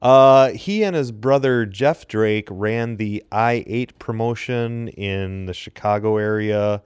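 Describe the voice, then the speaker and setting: A man's voice: lowish voice, slow pace, darkish tone, smooth, no room sound. A man co-hosting a casual podcast, trading dry quips and telling wrestling anecdotes. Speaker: podcast co-host, former wrestler. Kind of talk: casual chat.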